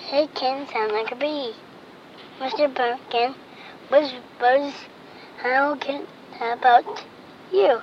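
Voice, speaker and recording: Woman, high voice, very slow, playful picture-book reading, sound imitations, dull lo-fi recording with faint noise. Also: steady tone. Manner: asks the listener to join in. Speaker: reader to a child.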